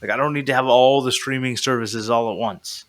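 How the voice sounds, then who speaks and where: A man's voice: mid-range voice, steady tone, fairly quick. A man hosting a podcast in casual chat, rambling and self-deprecating with lots of fillers. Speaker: podcast host.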